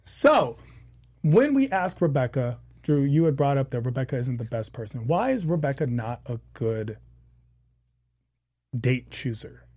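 A man's voice: mid-range voice, big pitch swings, unhurried, darkish tone. A man hosting a casual podcast chat, playful and joking as he steers the discussion.

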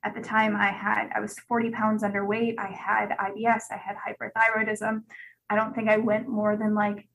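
A woman's voice: medium pitch, completely flat delivery, normal speed, vocal fry, fairly bright tone, poor audio. A woman guest telling her own story in a candid, conversational way, with many "like"s. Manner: chatty, peppered with "like". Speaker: guest, gut health specialist.

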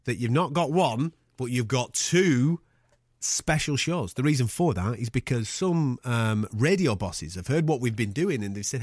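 A man's voice: medium pitch, expressive, fairly quick, a little mellow, dry recording, clean studio sound. A man from England hosting a podcast in casual, jokey chat, teasing his co-host.

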